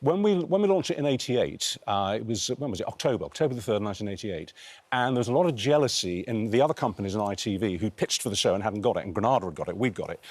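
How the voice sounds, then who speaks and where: An older man from Essex with an Estuary English accent, a guest telling lively stories in a casual TV chat. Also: on the low side, quick pace. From Essex, England. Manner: lively, animated storyteller. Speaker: guest author.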